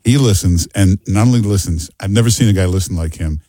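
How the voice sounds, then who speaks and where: A man's voice: low-pitched, fast talker, mellow, dry recording. A man hosting a talk radio show, brash and teasing with callers and co-host. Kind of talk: casual talk radio banter. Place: radio studio. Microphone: studio microphone.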